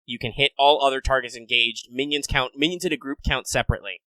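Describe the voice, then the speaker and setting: A man's voice: mid-range voice, steady tone, fast, pushed and bright, dry recording, poor audio. A man running a tabletop role-playing game as game master, explaining rules with frequent ums and restarts.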